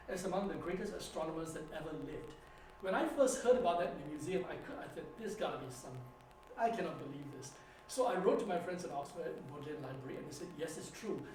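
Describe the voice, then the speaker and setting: A man giving a church lecture with slides, telling stories and anecdotes in an animated way. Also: high-pitched, fairly quick, faint music behind. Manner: anecdotal, animated storytelling with asides. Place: church hall. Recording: echoey hall, distant mic, faint noise.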